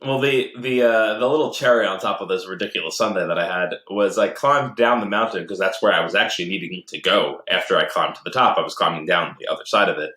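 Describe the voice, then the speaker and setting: A man's voice: low voice, fast, few pauses, sharp tone. Podcast guy rambling thru a game story, lots of ums and restarts, roomy echo. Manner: rambling storyteller, many fillers and restarts, laughs often. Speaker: podcast co-host. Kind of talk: casual chat about games and movies. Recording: roomy echoey home recording.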